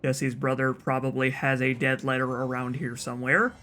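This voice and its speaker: A man's voice: medium pitch, steady tone, moderate pace, bright, forceful tone. A man hosting a let's play, giving casual, wry commentary with stammered restarts.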